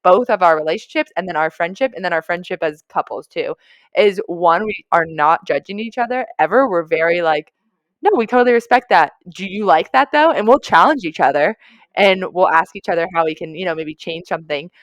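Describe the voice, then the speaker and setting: A young woman shares reflections in a relaxed podcast conversation, stringing her thoughts together in long runs. Her voice sits a little low, recorded dry and close. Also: a little fast, no room sound. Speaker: podcast co-host. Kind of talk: casual chat.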